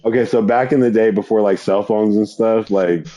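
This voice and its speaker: A man with a gravelly voice hosting a live stream, joking and swearing as he rambles through casual banter. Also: lowish voice, fairly even intonation, normal speed, lo-fi sound, crowd noise. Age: adult.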